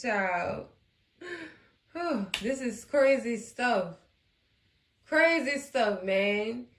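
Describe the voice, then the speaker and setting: A woman hosting a casual TV recap, animated and acting out the characters as she chats to her viewers. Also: medium pitch, drawn-out words, pauses often, roomy sound. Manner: animated, acts out characters, talks to viewers as cousins. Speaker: recap host.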